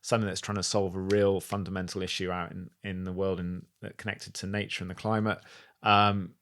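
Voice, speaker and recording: Lively, low-voiced man telling stories. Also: fairly quick. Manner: animated, restarts often, enthusiastic storytelling. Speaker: podcast guest, entrepreneur. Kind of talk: casual conversational interview.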